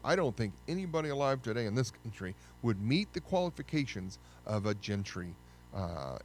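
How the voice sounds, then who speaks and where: A man giving a casual, conversational history lesson, often pausing to correct himself. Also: fairly low pitch, slight background noise. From United States. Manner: conversational, with frequent fillers and self-corrections. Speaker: history teacher.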